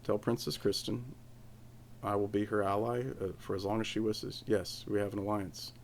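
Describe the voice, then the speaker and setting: A man voicing an ancient, enigmatic male emperor who speaks in a measured, condescending way. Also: on the low side, flat delivery, slight background noise, close to an everyday voice. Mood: aloof.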